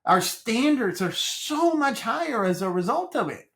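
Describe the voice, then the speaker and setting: Animated male business coach storyteller. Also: very high voice, unhurried. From Colombia. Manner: animated storytelling, repeats phrases. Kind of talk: podcast interview.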